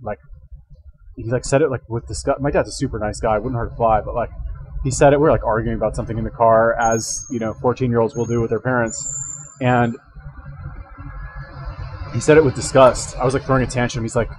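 A man's voice: medium pitch, fairly even intonation, a little fast, long pauses, slight background noise, rough recording. A man hosting a reaction video, thinking aloud in casual commentary, rambling and correcting himself as he goes, speaking into a headset.

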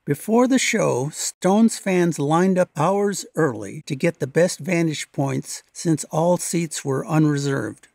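A man reads scripted local-history narration in a steady, measured way. His voice sits a little high and carries a gravelly, creaky edge. The voice-over is close and dry, with no room sound around it. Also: no room sound. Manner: measured, even read-aloud delivery.

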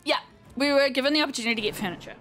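A woman co-hosting a let's play, chatting casually and excitedly while playing. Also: high voice, very fast, soft background music. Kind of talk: casual gameplay chat.

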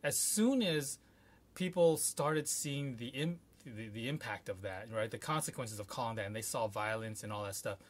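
A man co-hosting a podcast, relaxed and chatty, telling stories with a laugh. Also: mid-range voice, moderate pace. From United States. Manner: laid-back, laughs while telling stories. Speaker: podcast co-host. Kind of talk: casual podcast conversation.

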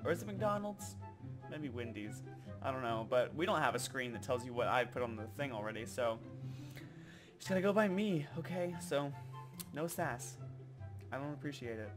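A young man vlogging casually, telling a work story in an animated way and acting out customers in exaggerated voices. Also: medium pitch.

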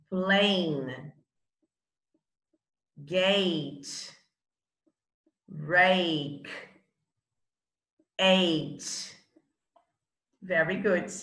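Slow, bright-voiced woman teaching. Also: medium pitch, roomy sound, rough recording. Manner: slow, encouraging drilling of words. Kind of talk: bilingual classroom lesson.

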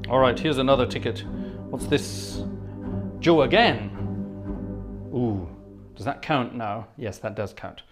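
A man's voice: medium pitch, over music. A middle-aged man with a posh Scottish accent, chatting casually with viewers on a livestream and thanking them effusively. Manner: chatty, effusive, quick thanks like 'gosh' and 'splendid'. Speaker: livestream host and organist. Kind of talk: casual livestream chat reading the chat.

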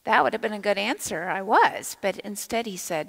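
A woman leading children's time in a church, telling a Bible story in an animated way, asking the children questions and sometimes dropping to a whisper. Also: medium pitch, a little fast, creaky, few pauses, slightly rough, rough recording. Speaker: children's minister. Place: church sanctuary.

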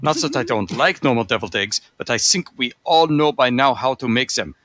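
A man playing a boastful home cook with a put-on German accent, his pitch bouncing around. The tone is bright and dry, recorded close with no room sound. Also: expressive, brisk, dry recording, natural voice. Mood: proud. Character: proud home cook presenting odd recipes. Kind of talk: comic reading of a recipe blog.

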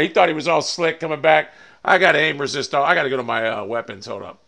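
A man streaming a shooter game, swearing often and swinging between loud frustrated rants and low muttering to himself. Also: quick pace, gravelly. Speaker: gaming streamer. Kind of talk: live game commentary.

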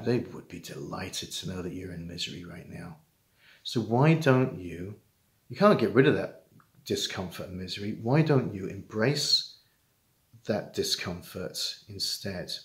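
A middle-aged man with an earnest, halting manner, talking straight to fellow fathers in a heartfelt personal monologue. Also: on the low side, echoey room. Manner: earnest, halting, with many restarts and repetitions. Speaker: father giving advice to estranged dads.

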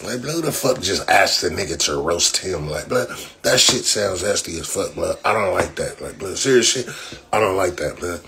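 A man's voice: deep voice, expressive, moderate pace, gravelly. A man, talking brashly on his own livestream and mocking the viewers in his comments with profane trash talk. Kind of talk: livestream rant. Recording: noisy phone livestream audio.

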